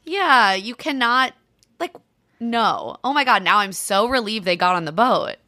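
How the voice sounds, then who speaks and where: A woman guest on a casual podcast, reacting to a story with quick, emphatic outbursts. Her voice is bright and sits close and dry, with no room sound. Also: fairly high pitch, animated, no room sound. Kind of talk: casual chat.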